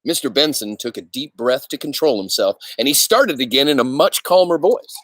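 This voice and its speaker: Expressive man reading a novel aloud. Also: mid-range voice, moderate pace, hardly any pauses, no room sound. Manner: expressive, stops for asides to listeners. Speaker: reader.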